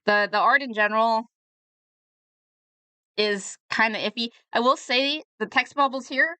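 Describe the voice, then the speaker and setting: A woman's voice: a little high, measured pace, long pauses, bright, forceful tone, clear, resonant tone, dry recording. A young woman reviewing a webcomic in casual, sarcastic commentary, a little tipsy from drinking. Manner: chatty and sarcastic, riffing on the comic.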